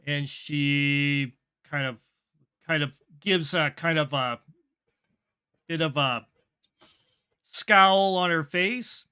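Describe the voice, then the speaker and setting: A man narrating a sci-fi tabletop game as game master, in a halting way with many fillers. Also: a little high, pushed and bright, smooth.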